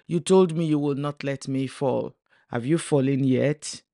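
A woman's voice: very deep voice, unhurried, dark tone, no echo. Frustrated, weary woman pleading with God, read by a woman, dry close sound. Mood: complaining. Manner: pleading, complaining.

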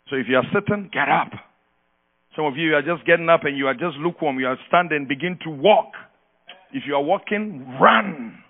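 An emphatic male pastor preaching with call-and-response. His voice sits a little high and comes through thin and phone-like, with a steady mains hum underneath. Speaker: outgoing pastor. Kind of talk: sermon.

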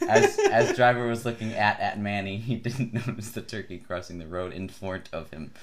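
With a fairly low pitch, a steady tone, and normal speed, a comedy podcast co-host works through some silly fan fiction aloud. He can't stop breaking into laughter as he reads.

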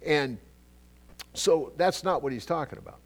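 A middle-aged male pastor teaching a sermon in a casual, conversational way, jumping between loud emphatic bursts and quiet asides, with frequent restarts. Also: fairly high pitch, a little slow.

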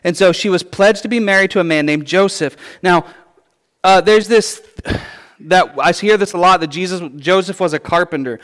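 A male preacher with a voice pitched a little above the usual, teaching scripture in a casual, conversational sermon. He talks in an animated, chatty way and drops playful asides as he explains. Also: moderate pace.

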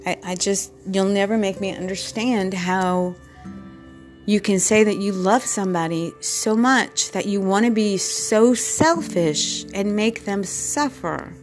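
A woman tells a personal story from her work as a respiratory therapist, in an earnest, halting manner. She often circles back and repeats her words. Her voice sits mid-range, with faint guitar music playing behind her. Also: medium pitch.

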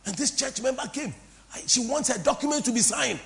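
A woman pastor from Ghana, preaching a sermon to a congregation in an impassioned, repetitive, sing-song way that swings between soft and loud. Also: sits high, expressive, brisk, creaky. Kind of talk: preaching a sermon with call-and-response. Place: church before a congregation.

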